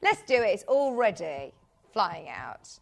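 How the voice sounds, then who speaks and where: A woman's voice: mid-range voice, sing-song, a little slow, vocal fry. A woman presenting live on a shopping channel, chatty and upbeat, calling out buyers' names. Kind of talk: live TV sales pitch.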